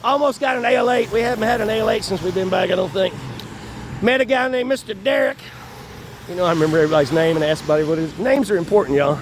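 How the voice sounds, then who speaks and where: A high-pitched man, talking on and on, swearing freely and chuckling between thoughts. He sounds worn down by constant pain, and faint traffic hums behind him outdoors. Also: fast talker. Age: 50s. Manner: profane, rambling, laughs between phrases. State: in chronic pain. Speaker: vlogger. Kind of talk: casual rambling monologue. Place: outdoors on an urban street.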